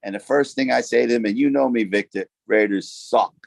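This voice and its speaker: A man's voice: mid-range voice, fast, creaky. A man guesting on the show, telling a teasing, joking story in casual chat.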